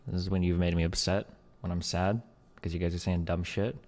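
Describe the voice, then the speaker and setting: A man's voice: sits low, little pitch movement, brisk, darkish tone. A man in casual stream banter, playfully reading chat and answering quiz questions. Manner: playful, reads chat aloud, laughs a lot.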